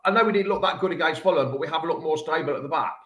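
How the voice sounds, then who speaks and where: A man's voice: fairly high pitch, very fast, fairly bright tone, muffled recording, a little hiss or hum. A man hosting a casual fan chat show, ribbing his guests as he talks. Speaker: host. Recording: echoey room.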